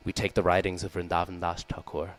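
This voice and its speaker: Male class speaker, deep-pitched, preaching in a temple hall with light electrical hum behind. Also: little pitch movement, quick pace. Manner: frequent "hmm?" and "right?" checks with listeners; acts out quoted lines with raised voice. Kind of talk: scripture class sermon. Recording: low mains hum behind.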